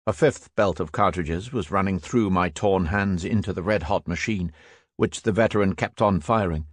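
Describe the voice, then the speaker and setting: A man reading a war memoir audiobook as scripted narration, raising his voice for characters' shouts. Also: low-pitched, dry recording, studio quality.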